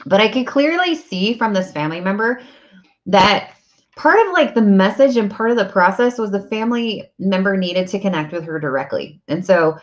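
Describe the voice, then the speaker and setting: A woman's voice: mid-range voice, animated, normal speed, lo-fi sound. A woman, an energy practitioner and coach, talking casually and at length, rambling with many fillers like "like" and "um". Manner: chatty, rambling, many likes and ums. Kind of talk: casual spiritual talk to camera.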